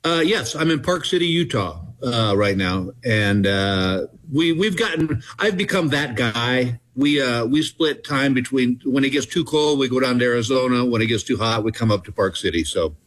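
A man's voice: mid-range voice, animated, moderate pace, hardly any pauses, a bit bright. An older man in his sixties, a comedian, telling laid-back stories and poking fun at himself. He speaks casually and unhurriedly and chuckles between lines. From Texas. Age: 60s. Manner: folksy, self-deprecating, chuckles between lines. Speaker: comedian guest. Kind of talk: casual phone interview storytelling.

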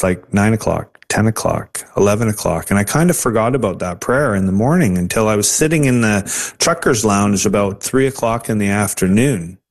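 A man in an interview, telling his personal testimony earnestly with hesitant restarts. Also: on the low side. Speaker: interview guest.

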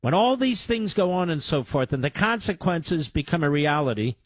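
A man's voice: a little high, big pitch swings, normal speed, dry recording. A man hosting talk radio, combative and sarcastic, cutting into clips with insults. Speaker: radio talk show host.

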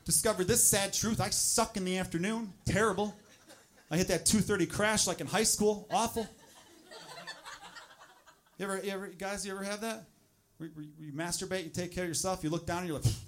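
A man doing a stand-up comedy set, swinging into loud, exasperated acted-out asides. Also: high voice, brisk, pauses often, background noise.

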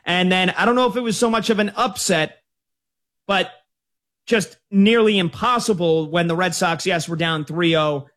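A man's voice: high-pitched, a bit bright. A man hosting a sports talk radio show, chatting conversationally and taking calls. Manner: conversational, quick asides.

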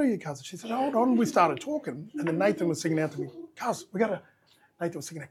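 A man's voice: high voice, fast talker, husky. An Australian man, a musician guest, telling his story animatedly and acting out what people said. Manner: animated storyteller, acts out quotes. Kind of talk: storytelling interview chat.

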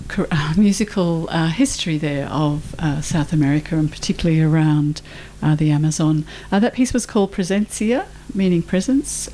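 A woman hosting a radio show from a studio, talking in a casual, unhurried way with many filler pauses. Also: fairly low pitch, warm tone. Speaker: radio host. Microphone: studio microphone.

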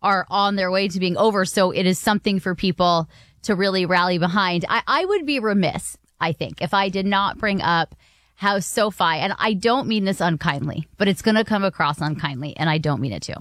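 Lively female talk radio co-host. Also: lowish voice, brisk, no room sound. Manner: lively, enthusiastic, self-deprecating. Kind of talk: casual talk radio chat.

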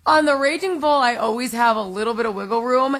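A woman co-hosting a casual radio chat, telling stories in an animated way and often laughing. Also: fairly high pitch, fast talker, slight background noise. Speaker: co-host.

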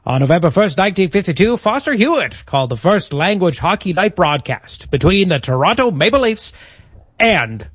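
A man's voice: high voice, very animated, normal speed, a bit bright, slightly rough, dry recording, highs cut off, voice pushed up, heavily acted. A man voicing an old-timey male radio hockey announcer in a raised, announcer-style delivery. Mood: announcing.

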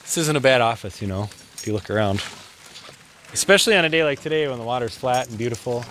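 A man's voice: medium pitch, lively intonation, quick pace, a bit bright, slight background noise. A man talking casually about his work harvesting crayfish, easygoing and plainspoken, recorded outdoors on a lake. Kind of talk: casual interview.

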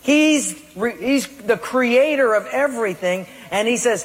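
Pastor, male, high husky voice, emphatic delivery, church hall with long reverb. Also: animated, measured pace. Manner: emphatic, fires rhetorical questions at the congregation. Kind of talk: sermon.

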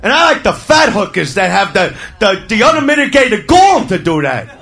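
A man doing a loud, crude, rambling stand-up routine. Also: high voice, very animated, normal speed, gravelly. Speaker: stand-up comedian. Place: comedy stage before a crowd.

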